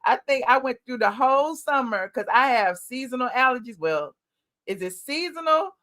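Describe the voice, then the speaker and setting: Woman streamer, a bit hoarse, chatty, higher voice, desk mic at home. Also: lively intonation, normal speed, fairly bright tone. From Atlanta. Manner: chatty, talks straight to viewers. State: a little hoarse. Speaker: livestream gossip host. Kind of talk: casual livestream chat. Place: home office. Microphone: USB desk mic.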